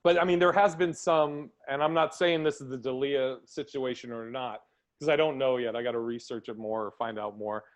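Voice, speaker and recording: A man's voice: mid-range voice, a little fast. A man hosting a podcast, chatting casually and acting out quoted conversations as he tells stories. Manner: animated storytelling, acts out quotes. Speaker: podcast host.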